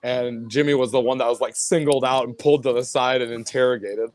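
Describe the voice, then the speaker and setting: A male musician guest telling road stories in a casual interview, animated and acting out what others said. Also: mid-range voice, fairly quick. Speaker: guest musician, band vocalist and bassist.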